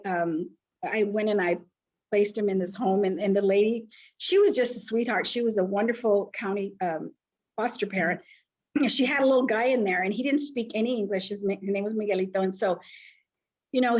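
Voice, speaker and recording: In this storytelling interview, a middle-aged social worker and foster agency founder speaks in a medium-pitched voice, bringing her anecdotes to life by voicing the people she quotes. The recording is rough.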